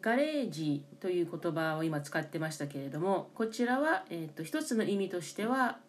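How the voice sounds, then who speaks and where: Brisk Japanese woman explaining words. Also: lowish voice, sing-song. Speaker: co-host and Japanese interpreter. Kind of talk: casual bilingual language lesson.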